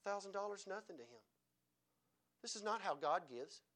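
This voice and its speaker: A male preacher giving a sermon, his pitch and loudness rising and falling widely as he preaches. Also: a little fast. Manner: animated preaching, pitch and volume swinging widely.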